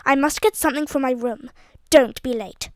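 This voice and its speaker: A woman's voice: high-pitched, normal speed, dry recording, studio quality, lightly acted. A woman reading an audiobook voices a stern, menacing schoolmistress who speaks in clipped commands. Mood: curt.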